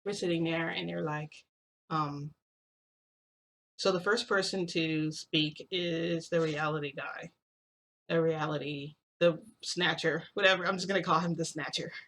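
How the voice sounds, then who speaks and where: A woman's voice: sits low, fairly even intonation, measured pace, fairly bright tone. A woman vlogger casually recounting a long story, rambling and filling her talk with "like" and "um". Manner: rambling, heavy with "like" and "um" fillers.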